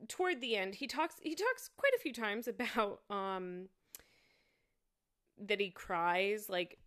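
Woman commentator, reflective and hesitant, measured slow pace, smooth tone. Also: medium pitch, animated, a bit bright. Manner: thoughtful, halting, with many fillers and restarts. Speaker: commentator reviewing a show. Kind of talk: casual spoken commentary.

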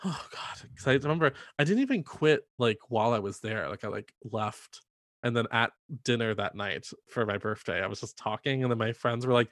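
A man chatting casually on a podcast, telling animated stories, laughing often and filling his talk with "like". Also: mid-range voice, a little fast, dry recording, studio quality. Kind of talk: casual storytelling chat.

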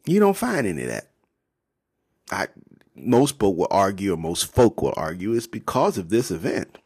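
A man's voice: low-pitched, moderate pace, husky. A man hosting a casual devotional podcast, retelling Bible stories with slang and humor. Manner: animated, slangy, laughs at his own jokes. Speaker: podcast host.

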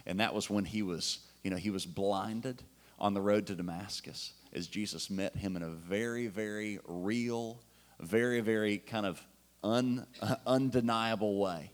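Casual pastor preaching, lower voice. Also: male voice, measured pace. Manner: casual, enthusiastic preaching with fillers and restarts. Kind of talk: sermon.

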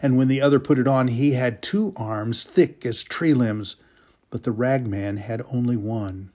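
A man reads a story aloud with slow, emotional weight and long pauses. His voice sits at an ordinary middle pitch. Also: a little mellow. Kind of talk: dramatic story reading.

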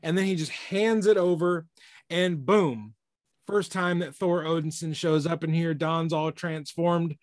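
A man casually discussing a comic book issue on a podcast, animated and laughing as he retells scenes. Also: a little high, a little slow, dry recording, clean studio sound. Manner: animated, mock-archaic quoting, laughing. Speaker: podcast co-host.

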